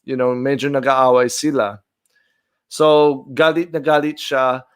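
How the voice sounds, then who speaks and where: Smooth-voiced man in earnest chat. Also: mid-range voice, steady tone, unhurried. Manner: chatty, earnest, thinking aloud. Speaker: video host reacting to an old clip. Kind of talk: casual commentary.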